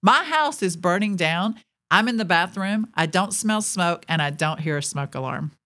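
A woman in her forties, a ministry speaker, telling a personal testimony as an animated storyteller who laughs between lines and talks straight to her audience. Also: on the low side, moderate pace.

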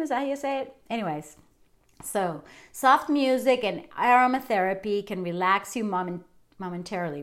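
A middle-aged woman hosting a fitness podcast, talking casually and cheerfully straight to her listeners. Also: a little high. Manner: chatty, upbeat, addresses listeners directly. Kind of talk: casual wellness talk.

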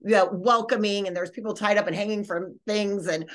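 A woman podcast host telling a story in a rambling, animated way, full of fillers and restarts. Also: medium pitch, fairly quick. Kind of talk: casual storytelling.

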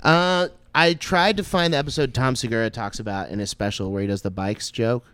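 A man's voice: mid-range voice, steady tone, brisk, fairly bright tone, smooth, no room sound. A man in his late twenties from North Texas, hosting a casual podcast and telling crude, rambling stories full of filler words. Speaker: podcast host.

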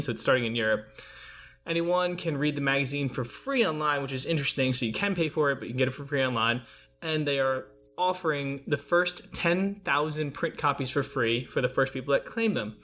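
A man's voice: medium pitch, sharp tone. A man co-hosting a gaming podcast in casual, enthusiastic chat, swearing freely. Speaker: podcast co-host.

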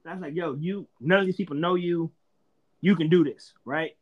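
A man, a stand-up comedian telling stories as a podcast guest in an animated, profane way. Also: on the high side, a little fast, dull audio. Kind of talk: casual storytelling chat.

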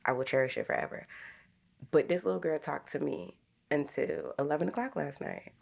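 Animated woman with a gravelly low voice. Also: fairly quick. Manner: animated storytelling, laughs often. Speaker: podcast host. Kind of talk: casual chat.

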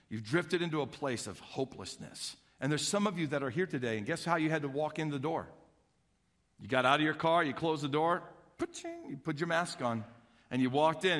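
A man preaching a sermon, telling a Bible story with acted-out voices, swinging between hushed and loud. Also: medium pitch, in a large hall. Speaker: pastor.

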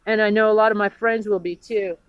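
A woman from the United States in an angry, profane political rant, indignant and halting, with many restarts. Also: medium pitch, steady tone, clear, resonant tone, highs cut off.

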